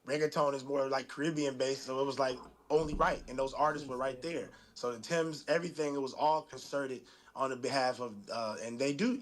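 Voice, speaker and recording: A man calling in to a talk show, preachy and hesitant, with many fillers. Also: mid-range voice. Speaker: caller. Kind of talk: call-in commentary.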